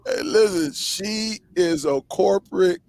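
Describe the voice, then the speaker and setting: A man hosting a live stream, telling stories in a lively, casual way, stretching words for emphasis. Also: high voice, gravelly, no room sound. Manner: lively storyteller, drawn-out emphasis, frequent laughs. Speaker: host. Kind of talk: casual chat.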